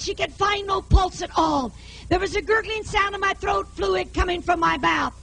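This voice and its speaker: A woman evangelist with a very high, bright, cutting voice tells her healing testimony to an audience. Her preaching is emphatic and often swells into shouting. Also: moderate pace, creaky, rough recording.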